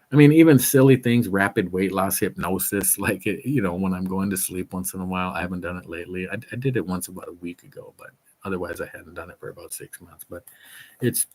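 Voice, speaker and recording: A middle-aged man with a very low voice talks casually and eagerly to his viewers. He rambles, stacks fillers and restarts his sentences, but keeps an easy, upbeat flow. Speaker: fitness vlogger. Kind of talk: casual chat to camera.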